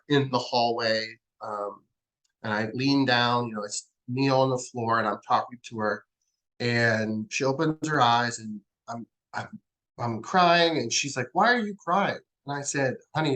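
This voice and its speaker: A man's voice: medium pitch, fairly bright tone, low-quality recording. A man in his forties, an interview guest, telling a heartfelt personal story and acting out the lines of others. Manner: heartfelt, acts out quoted lines. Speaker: guest, charity founder.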